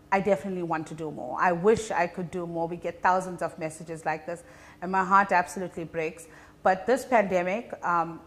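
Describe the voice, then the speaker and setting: A woman with a South African Indian English accent, a comedian being interviewed, telling stories in an animated, chatty way with many fillers. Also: fairly low pitch. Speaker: comedian guest. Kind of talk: casual interview chat.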